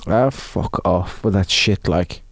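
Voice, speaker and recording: A woman's voice: a bass voice, slow, dry recording, studio quality. A woman co-hosting a podcast, hungover and tired, chatting casually with sarcasm and swearing. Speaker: podcast co-host. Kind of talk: casual chat.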